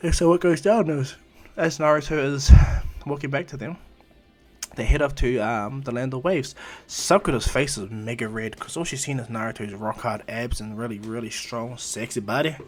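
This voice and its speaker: A man's voice: medium pitch, normal speed, faint music behind. A man improvising a fan story in a rambling, filler-heavy way.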